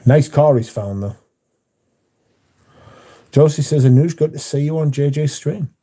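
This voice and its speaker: A man's voice: fairly high pitch, unhurried, warm tone. A man hosting a livestream, chatting casually and reading out viewer comments in a rambling, plain-spoken way. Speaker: livestream host.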